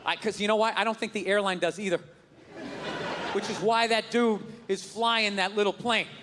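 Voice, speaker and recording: A man doing stand-up comedy, ranting loudly with profanity and shouted punchlines, on a stage before a live audience. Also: high voice, fairly even intonation, normal speed, in a large hall. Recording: live club with crowd laughter and noise.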